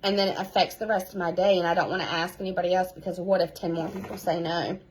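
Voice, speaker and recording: A woman, a sales team leader giving an animated, casual pep talk at home, repeating key phrases for emphasis. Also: lowish voice, fast talker, slight background noise, low-quality recording.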